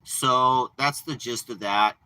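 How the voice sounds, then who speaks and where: Sharp-voiced man rambling on a stream. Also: medium pitch, slow pace, smooth, low-quality recording. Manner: profane, boastful, rambling storytelling. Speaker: live streamer. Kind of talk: casual rambling livestream chat.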